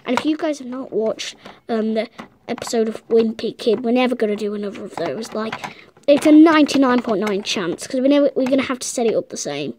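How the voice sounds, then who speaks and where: A woman's voice: fairly high pitch, expressive, a little fast, darkish tone, slight background noise. A girl hosting a casual video, narrating toy play in a chatty, giggly, rambling way. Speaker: video host.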